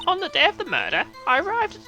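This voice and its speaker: A fussy old woman guard who rambles on and calls everyone dearie, as a woman puts her on. Her voice climbs high and swings widely. Loud game music plays behind her. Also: huge pitch swings, fast talker, full character voice. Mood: chatty. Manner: doting, calls people dearie; rambling, talkative. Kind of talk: reading game dialogue aloud.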